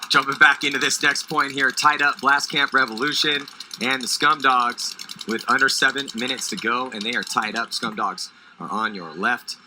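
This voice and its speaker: A man giving analytical, steady live sports commentary. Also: mid-range voice, normal speed, background noise. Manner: analytical, steady play calling. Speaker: color commentator.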